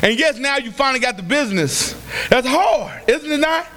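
A man preaching a sermon, asking his listeners question after question, breaking into shouts and dropping low to act out the people he quotes. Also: animated, normal speed, big-room sound. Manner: acts out quoted voices in a lower register.

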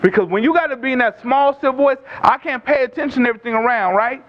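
A man preaching a sermon, retelling scripture in a conversational way and acting out the voices of the people in the story. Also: fast. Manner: climbs higher and louder when pressing a point. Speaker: pastor. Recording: dull lo-fi recording.

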